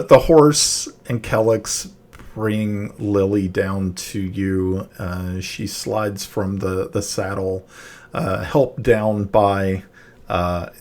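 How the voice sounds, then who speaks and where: In a fairly low voice, a man narrates a tabletop game as its game master. His delivery is halting, packed with fillers and restarts.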